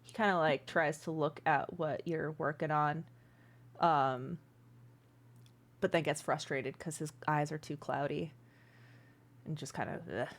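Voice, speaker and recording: A woman's voice: sits low, fairly even intonation, unhurried, pauses often. Giggly woman running a tabletop game. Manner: giggly, casual. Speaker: game master.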